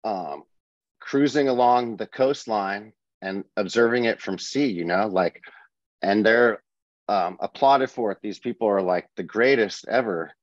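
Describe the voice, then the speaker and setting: A man's voice: lowish voice, measured pace, no echo. A man co-hosting a podcast in casual chat, ranting in a laid-back way with swearing and laughter. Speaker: podcast co-host. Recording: dry, dull lo-fi sound.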